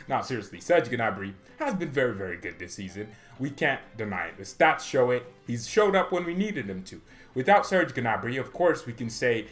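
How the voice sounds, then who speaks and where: A man's voice: medium pitch, very animated, moderate pace, a bit bright. A man hosting a fan channel, giving casual football commentary in a joking, rambling, slangy way.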